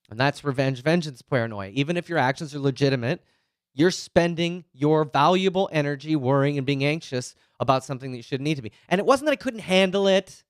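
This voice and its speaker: Candid retired cop, smooth dry voice. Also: male voice, on the high side, no echo. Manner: candid, conversational, sprinkles "right?" and "you know". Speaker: retired police officer speaking on anxiety. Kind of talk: personal talk to an audience.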